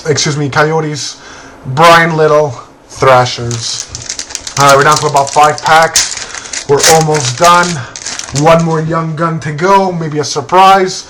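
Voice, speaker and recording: A man hosting a card break, calling out player names and teams in a relaxed, casual way and laughing now and then. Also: fairly high pitch, a little hiss or hum, poor audio. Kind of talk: casual card-opening commentary.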